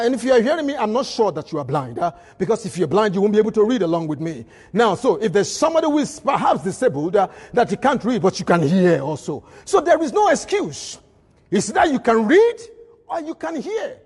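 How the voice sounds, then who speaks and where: A male pastor preaching a midweek sermon with emphatic, repeated phrases and bursts of shouting in a church hall. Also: very high voice, slightly rough. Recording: long reverb of a large hall.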